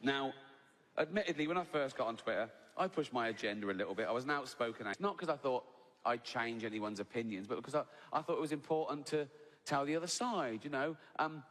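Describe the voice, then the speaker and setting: A man's voice: medium pitch, lively intonation, fast, a bit bright. Sardonic British man doing stand-up. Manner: sardonic, mocking, building to incredulous outbursts. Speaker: stand-up comedian. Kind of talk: live stand-up routine. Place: large live venue with audience. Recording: live hall recording with audience ambience.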